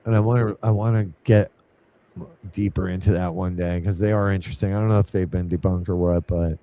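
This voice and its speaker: A man's voice: sits low, fairly even intonation, a little fast, warm tone. A man co-hosting a paranormal trivia stream, chatting casually and telling rambling anecdotes with lots of fillers. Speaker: co-host of a paranormal trivia show. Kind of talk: casual live-stream chat, storytelling.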